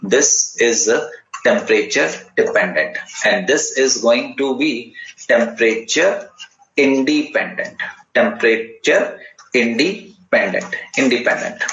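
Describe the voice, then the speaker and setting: A man's voice: mid-range voice, takes it slowly, gravelly, fairly bright tone. Indian man lecturing chemistry in a roomy class. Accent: Indian English. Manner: explanatory, repeats key terms, checks with students. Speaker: chemistry teacher. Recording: roomy, slightly dull recording.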